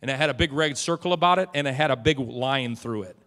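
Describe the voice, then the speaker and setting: A male pastor preaching a sermon in church, swinging from loud, emphatic lines to quiet, conversational asides. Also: mid-range voice, fast talker, hardly any pauses, big-room sound. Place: church sanctuary.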